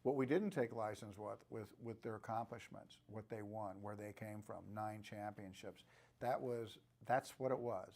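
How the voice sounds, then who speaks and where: A man in his sixties, an actor, answering interview questions in a relaxed, reflective way with frequent restarts. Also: on the low side, moderate pace. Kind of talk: press junket interview.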